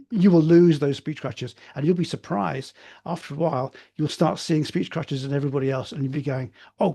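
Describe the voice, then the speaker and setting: A man's voice: on the high side, dark tone. Encouraging man giving speech feedback. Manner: encouraging, rambling with restarts. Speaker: speech evaluator. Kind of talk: online club meeting feedback.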